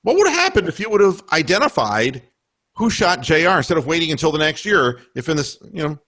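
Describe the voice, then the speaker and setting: A man's voice: on the high side, quick pace. A man hosting a casual sports talk radio show, rambling and swearing as he rants about his team. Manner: animated, rambling, swearing, breaks into mock voices.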